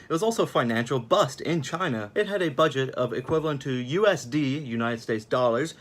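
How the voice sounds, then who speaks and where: A man's voice: a little high, animated, fairly quick, hardly any pauses. A young man giving a casual, sarcastic film review, rambling at an uneven pace.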